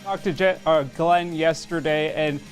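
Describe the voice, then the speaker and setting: A male morning news co-anchor with a slightly high voice and a friendly, easygoing manner. Faint music sits under his reads. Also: steady tone, unhurried.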